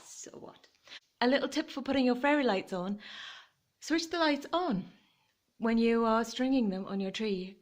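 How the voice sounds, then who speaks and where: A woman chatting casually in a home vlog while decorating, giggly and talking to her cat, recorded on a camera phone. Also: on the high side. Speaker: vlogger.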